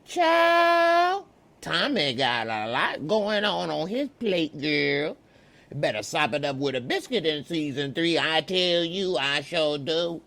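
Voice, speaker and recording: A man's voice: a little high, very animated, slow, bright, forceful tone, full character voice. A man voicing a sassy older church lady, drawling. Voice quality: drawling, exclamatory.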